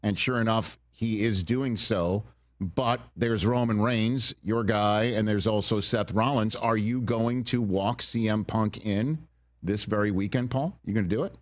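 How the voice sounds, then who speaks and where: A man hosting a sports talk show, asking playful, quick questions. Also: fairly low pitch, fairly even intonation.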